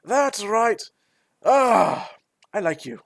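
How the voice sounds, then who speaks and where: Hammerfell, a man playing a jovial male dwarf tinkerer, booming and raised in pitch, dry sound, for a tabletop game. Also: very animated, drawn-out words, creaky, dry recording, exaggerated voice. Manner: boisterous, jovial, calls people laddie. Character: cheery gruff male dwarf repairman.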